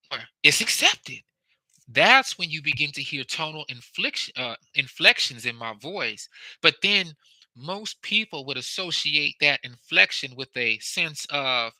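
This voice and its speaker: A young adult man in a casual teaching talk, speaking deliberately and playing with his voice's inflections to make points. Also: fairly high pitch, pushed and bright, dry recording, low-quality recording. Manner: slow, deliberate, demonstrative with vocal inflections. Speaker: host.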